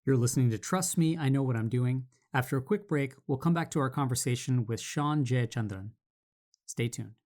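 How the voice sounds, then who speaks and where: A male podcast host reading a scripted show announcement in a measured, read-aloud delivery. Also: mid-range voice, a little mellow. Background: faint music.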